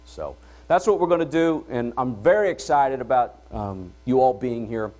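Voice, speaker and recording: A middle-aged man opens a conference from the stage, his pitch rising and falling freely as he talks. He keeps it conversational and energetic, checking in with the room as he goes. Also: moderate pace. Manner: energetic, conversational, asks "all right?" to the room. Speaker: event host and entrepreneur. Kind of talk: conference opening talk. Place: conference hall before an audience.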